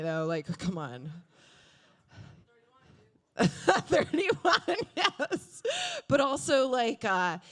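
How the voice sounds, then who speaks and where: A woman in her thirties doing a stand-up comedy set on a club stage, with deadpan asides and acted-out quotes. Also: on the low side. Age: 30s.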